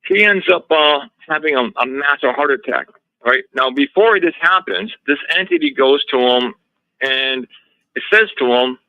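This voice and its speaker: Animated male storyteller, dull lo-fi audio. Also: mid-range voice, moderate pace, dry recording. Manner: animated storyteller, frequent restarts and retold dialogue. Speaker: guest recounting a haunting in his home. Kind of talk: casual storytelling in an interview.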